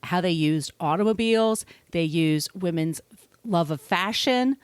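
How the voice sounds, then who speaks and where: A woman's voice: fairly low pitch, a little slow, clean tone, dry recording. A woman hosting a podcast, telling a true-crime story in a chatty, casual way, swearing freely and laughing often. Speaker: podcast host.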